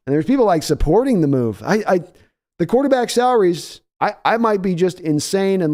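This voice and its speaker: A man hosting a casual sports livestream, chatting in a joking, animated way and thanking viewers by name. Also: on the high side, a little fast. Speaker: sports show host.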